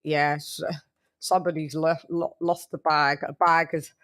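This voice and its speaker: A woman hosting a casual live stream, calling out members in playful, sing-song shout-outs. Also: low voice, flat delivery, a little slow, heavy background noise. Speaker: show host.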